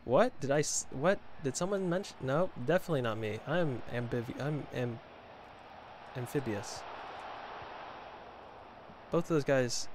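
A man's voice: medium pitch, background noise. A man streaming a video game, joking sarcastically and self-mockingly as he comments on play and answers chat. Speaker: gaming streamer. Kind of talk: casual live gameplay commentary, reading chat.

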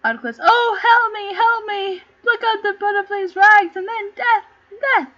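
A woman's voice: high-pitched, lively intonation, moderate pace, a bit bright. A woman voicing a sly, thieving male rogue peddler who whines pleas for help and then makes sly asides, read on a dull lo-fi recording. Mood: wailing.

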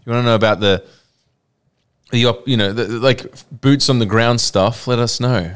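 Smooth-voiced Australian co-host, rambling. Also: male voice, mid-range voice, steady tone, moderate pace. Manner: rambling, laughing, self-deprecating. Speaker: podcast co-host. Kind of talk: casual chat.

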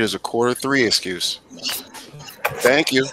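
Bright-voiced male teacher, firm and direct. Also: mid-range voice, measured pace, a little hiss or hum. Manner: casual, direct, firm with students. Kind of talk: online class instruction. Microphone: video call.

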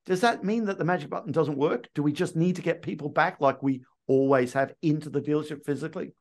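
A man's voice: a little high, fast. A man hosting a casual conversation, asking pointed questions and making emphatic points. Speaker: host.

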